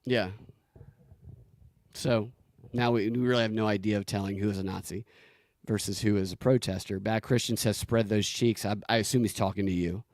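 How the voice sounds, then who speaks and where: A man's voice: lowish voice, normal speed, dry recording. Dry-voiced teasing male streamer host. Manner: teasing, deadpan needling questions. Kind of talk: casual comedic chat.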